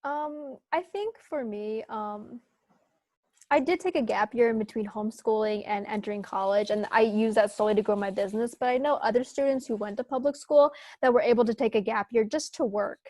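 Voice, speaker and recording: A woman's voice: fairly high pitch, brisk, mellow, no echo. A young woman in her twenties, a guest on a podcast, talking in a chatty, upbeat way and laughing often. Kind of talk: casual podcast interview.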